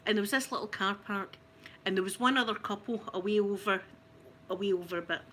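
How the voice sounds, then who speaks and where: A woman with a Scottish accent telling a family story in casual talk, animated and often laughing. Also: medium pitch, brisk, slight background noise. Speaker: ASMR channel host telling a family story.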